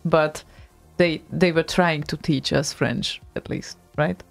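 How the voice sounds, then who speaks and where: Slow, gravelly-voiced woman radio co-host. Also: low voice, fairly even intonation, soft background music. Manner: hesitant, chatty, laughs often. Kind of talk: casual radio chat.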